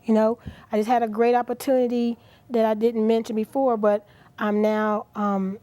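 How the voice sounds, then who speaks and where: Middle-aged woman, talk show guest, fairly high voice, earnest and animated, dry close sound. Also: normal speed, dry recording. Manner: earnest, animated, drops to soft near-whispers at emotional moments. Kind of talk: inspirational talk show interview.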